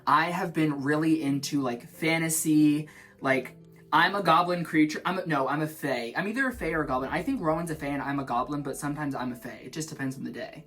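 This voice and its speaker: A young man vlogging in his shower, rambling in an animated, self-mocking way. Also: a little high, brisk, soft background music. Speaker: vlog host. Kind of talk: rambling stream-of-consciousness chat. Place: in the shower at home.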